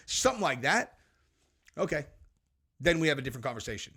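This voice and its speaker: A man's voice: a little high, sing-song, a little fast, long pauses, sharp tone, breathy edge. A man hosting a podcast, ranting emphatically about politics in casual slang. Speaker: podcast host. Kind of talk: heated political commentary.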